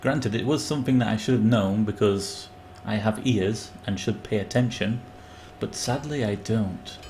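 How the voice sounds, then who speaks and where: A man's voice: lowish voice, normal speed, slight background noise. Chatty English man streaming a game. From England. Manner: chatty, self-mocking, bursts into loud outbursts. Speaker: gaming streamer. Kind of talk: live gameplay commentary.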